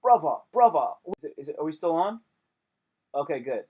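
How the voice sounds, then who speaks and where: A man's voice: a little high, animated, fairly quick, highs cut off. A young man chatting casually on a live stream, joking and rambling with lots of slang.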